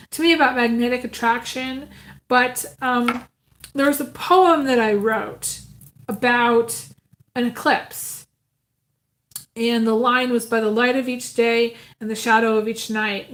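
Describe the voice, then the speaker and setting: A woman's voice: on the high side, fairly bright tone. A woman giving a casual live tarot reading, talking earnestly and from the heart, with many ums and restarts. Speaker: tarot reader.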